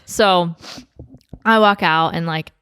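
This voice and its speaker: Chatty young woman, lowish voice. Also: slow, fairly bright tone, clean tone, no echo, studio quality. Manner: chatty, laughing, many fillers and swears. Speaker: podcast co-host. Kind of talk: casual chat.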